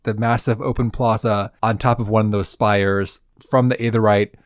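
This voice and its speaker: A man's voice: on the low side, moderate pace, no echo. A man co-hosting a podcast in casual chat, steadily walking through the game with dry, wry remarks. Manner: steady, wry, guides the talk and reads quest lines. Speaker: podcast co-host. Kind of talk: casual gaming chat, leading the walkthrough.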